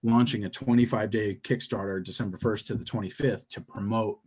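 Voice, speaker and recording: A man talking as a podcast guest about his comics, in rambling, animated storytelling with many fillers. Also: lowish voice, fairly quick, husky. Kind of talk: casual chat.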